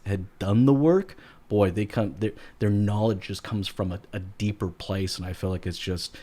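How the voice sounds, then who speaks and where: Upbeat lower-voiced man hosting a podcast. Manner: upbeat, jokey, loud greetings. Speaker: podcast host. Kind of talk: casual interview chat.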